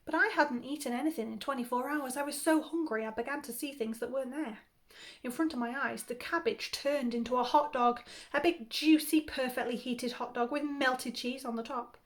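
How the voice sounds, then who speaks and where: Lively woman reading a children's story. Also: high-pitched, normal speed. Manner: animated, playful comic timing. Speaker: primary school teacher.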